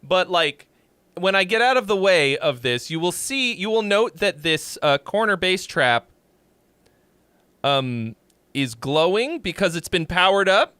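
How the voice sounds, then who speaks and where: A man hosting a casual livestream, rambling and joking as he reviews songs, now and then shouting a greeting. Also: high-pitched, very animated, a little slow, clean tone, no room sound. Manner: rambling, jokey, with sudden loud shouts.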